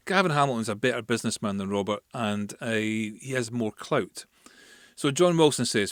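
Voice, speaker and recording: A Scottish man with a voice of ordinary pitch talks through a history topic as a podcast host. His delivery is casual and chatty, full of asides. The recording is dry and close, with no room sound. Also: a little fast, fairly bright tone, no echo. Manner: chatty, explains with asides and fillers.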